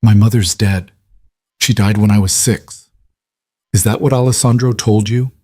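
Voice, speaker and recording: A man's voice: fairly low pitch, fairly even intonation, moderate pace, a little mellow, no echo, natural voice. A man voicing a mafia boss caught in a gunfight, speaking tersely with tension in an audio story. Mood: shaken. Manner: terse, tense. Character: guarded mafia boss under fire.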